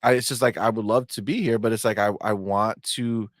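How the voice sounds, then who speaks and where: A man in his thirties co-hosting a casual gaming podcast from his home game room, talking in an animated way with lots of fillers and swearing. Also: on the low side, fairly quick, dry recording, clean studio sound. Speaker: podcast co-host. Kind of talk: casual chat.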